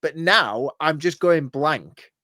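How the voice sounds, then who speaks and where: Flustered man with a slightly high voice. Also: expressive, slow pace, pushed and bright, no room sound, studio quality. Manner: flustered, self-deprecating, laughing often. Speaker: podcast co-host. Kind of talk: casual podcast chat.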